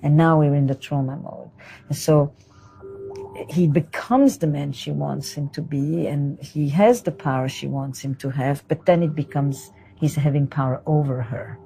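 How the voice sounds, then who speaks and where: A woman therapist guiding a couples session, calm and direct, moving between French and English. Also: low-pitched, normal speed, gravelly.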